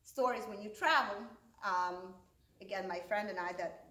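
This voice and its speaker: A woman whose first language is Russian, telling rambling stand-up stories full of fillers and sudden high-pitched quoted voices. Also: normal speed, sharp tone. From Russian-speaking background. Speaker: stand-up comedian. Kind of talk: stand-up storytelling. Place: event hall. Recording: echoey room, recorded from a distance.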